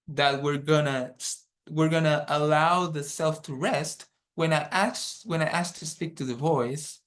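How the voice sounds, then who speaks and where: A man with a slightly bright, fairly high voice teaches a dharma workshop over a video call. Unhurried, he guides the group through an exercise and keeps checking in with "okay?"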